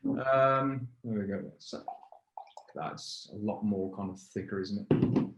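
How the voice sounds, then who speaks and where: A man hosts a relaxed beer review with a friend. His voice sits a touch low and he rambles, often breaking off to restart a thought. The room around him rings with echo. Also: slow, very noisy. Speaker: pub beer review host. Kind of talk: casual chat. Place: pub.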